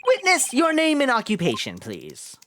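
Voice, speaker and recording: A man's voice: very high-pitched, wildly swooping pitch, normal speed, sharp tone, slight background noise, pitched above the performer's own voice, heavily acted. Stern old judge, voiced by a man. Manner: formal, commanding. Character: stern elderly male judge.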